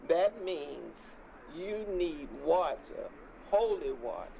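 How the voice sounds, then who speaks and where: A gravelly, earnest street preacher. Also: male voice, a little high, sing-song, takes it slowly, crowd noise, heavily acted. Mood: urging. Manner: preachy, pleading. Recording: muffled lo-fi album skit.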